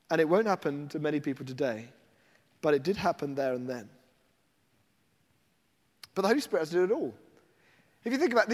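A male preacher with a high, bright voice that leaps up and down as he animates the story. He tells it vividly, with a long reverb from a big hall behind his words. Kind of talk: sermon.

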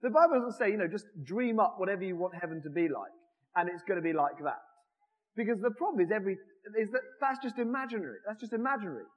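A man giving a conversational, animated sermon in a church, joking with the congregation as he goes. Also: high voice, fast, dull audio. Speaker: preacher. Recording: reverberant church hall.

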